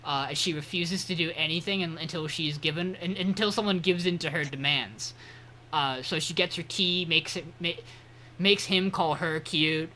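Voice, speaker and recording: Bright-voiced man recapping anime casually. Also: on the high side, fairly even intonation, moderate pace, slight background noise. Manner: rambling, swearing retelling of an episode. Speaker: podcast co-host.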